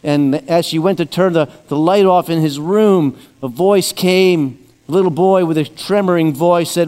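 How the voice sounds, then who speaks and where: A pastor giving a conversational sermon with touches of humor. He slows down and drops his voice for scripture readings. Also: fairly high pitch, darkish tone, smooth, in a large hall.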